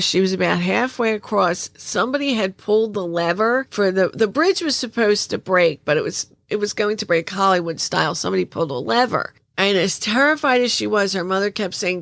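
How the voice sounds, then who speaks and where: Gravelly woman telling a true story. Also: mid-range voice, a bit bright, no echo. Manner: chatty, restarts and asides. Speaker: storyteller host. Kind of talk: casual true-story narration.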